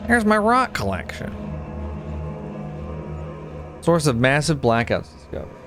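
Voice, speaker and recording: A man in his forties commentating a horror game, joking and reading its text aloud, with sudden high-pitched outbursts. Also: wildly swooping pitch, unhurried, music in the background. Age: 40s. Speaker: gaming video host. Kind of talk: casual let's play commentary.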